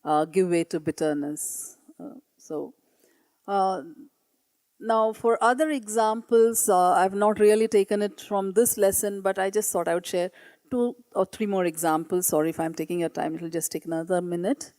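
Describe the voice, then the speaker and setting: A woman's voice: mid-range voice, normal speed, darkish tone, no echo. A woman teacher presenting classroom work at a meeting, earnest and hesitant, reading pupils' writing aloud. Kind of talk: conference presentation. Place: meeting room.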